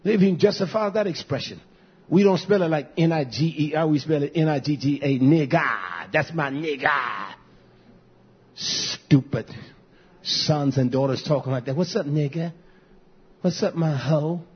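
An older man preaching an informal sermon, folksy and repetitive, slipping into animated storytelling. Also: a little high, normal speed, breathy edge, muffled recording.

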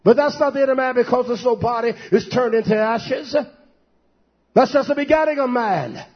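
A man's voice: very high-pitched, moderate pace, highs cut off. A man preaching a sermon, firing off rhetorical questions and repeating his points for emphasis.

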